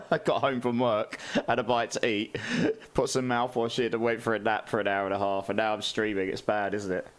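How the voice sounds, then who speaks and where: Casual male streamer, lower voice, friendly chat and frequent laughs. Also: little pitch movement, a little fast, clear, resonant tone. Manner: chatty, greets chat, laughs often. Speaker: game streamer.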